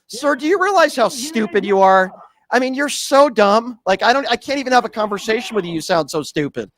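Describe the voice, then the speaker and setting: A man's voice: very high voice, expressive, brisk, a bit bright. A man hosting a call-in radio show, mocking and insulting his callers as he talks over them. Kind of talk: combative call-in radio talk.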